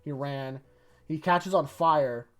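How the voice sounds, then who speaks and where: A YouTuber giving a casual, rambling review of a manga chapter, chatty and quick to laugh. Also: mid-range voice.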